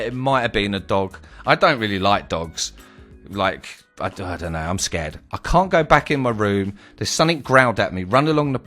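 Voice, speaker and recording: Young man, casual storytelling, lively swinging pitch, swears a lot, faint background music. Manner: animated, swears freely, vivid retelling. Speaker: streamer telling a personal story.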